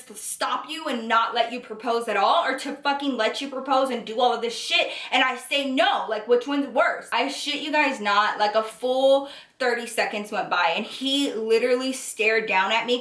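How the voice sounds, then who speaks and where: A young woman with a slightly high voice tells a personal story, casual and profane, acting out every line people said. She sits back from the mic in a bare, echoey room. Her delivery is loose and animated. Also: far from the mic. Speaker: vlogger. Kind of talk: storytime vlog.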